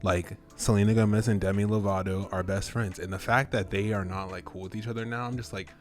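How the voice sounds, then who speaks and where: A man co-hosting a casual podcast chat, animated and playful. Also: on the low side, fairly quick, faint music behind. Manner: animated, playful, jumps into bits. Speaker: podcast host.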